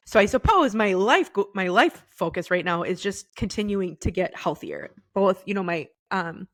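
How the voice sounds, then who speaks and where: A middle-aged woman co-hosting a podcast, talking about her faith in a halting, tearful way. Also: medium pitch, expressive, no echo, clean studio sound. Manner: tearful, halting, soft-spoken. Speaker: podcast co-host. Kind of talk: casual faith chat. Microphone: podcast microphone.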